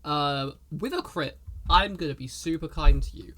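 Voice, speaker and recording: A man's voice: fairly high pitch, moderate pace, sharp tone, slight background noise. A man running a tabletop game as game master, easygoing and matter-of-fact.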